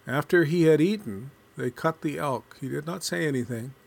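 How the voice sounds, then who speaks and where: A man reading a folk tale aloud with a measured, deliberate storytelling cadence. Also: on the high side, gravelly, husky.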